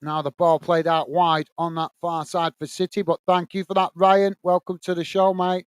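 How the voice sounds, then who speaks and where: A man's voice: moderate pace, clean tone, no echo. A man from the UK hosting a live football watch-along, calling the play steadily and chatting with viewers between moves. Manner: steady play-by-play, lifts pitch when greeting viewers. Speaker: watch-along host and commentator.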